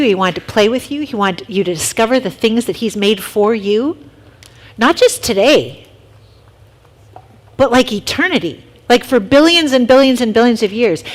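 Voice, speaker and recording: A woman leading a casual youth talk for middle schoolers, telling lively stories and asking the group questions. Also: mid-range voice.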